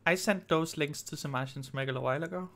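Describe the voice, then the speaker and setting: A woman's voice: low-pitched, fast. A woman co-hosting a live stream, bantering casually in a giggly, teasing way.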